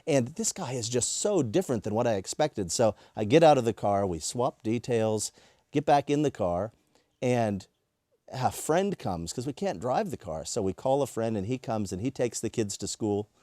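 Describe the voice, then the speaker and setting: A man, a preacher, telling a personal story in a lively way and acting out what people said. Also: medium pitch, normal speed, dry recording, clean studio sound. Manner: lively retelling with acted-out quotes. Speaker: preacher and workshop presenter.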